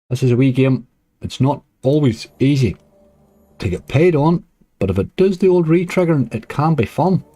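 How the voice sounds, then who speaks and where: A man's voice: medium pitch, dark tone, slightly rough. A man casually commenting on his slot play, chatty and cheering when bonuses land. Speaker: slots streamer.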